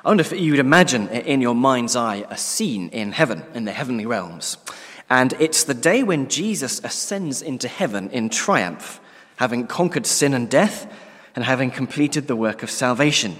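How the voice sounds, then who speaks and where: A man preaching a sermon, earnest and emphatic, often trailing off to a hushed tone at the ends of phrases. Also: medium pitch, lively intonation, normal speed. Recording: long reverb of a large hall.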